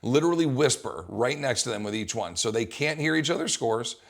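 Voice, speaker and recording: A young adult man coaching fitness, explaining an exercise test in a casual, lively way. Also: mid-range voice, a little fast, vocal fry. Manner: casual, animated, acts out coaching calls. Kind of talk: instructional talk.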